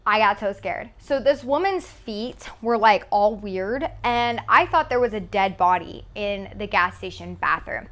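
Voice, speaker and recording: A woman's voice: medium pitch, measured pace, hardly any pauses, fairly bright tone. A woman around twenty from Texas, telling a casual storytime with lots of "like" fillers and casual swearing. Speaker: vlogger. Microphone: phone camera.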